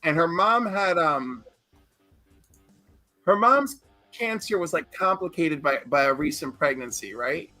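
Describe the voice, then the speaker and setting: Guy with a high bright voice rambling thru a story, swears a lot, dry close sound. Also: lively intonation, a little slow, long pauses, dry recording, faint music behind. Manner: rambling, earnest, swears freely. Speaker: podcast co-host. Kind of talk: casual chat, storytelling.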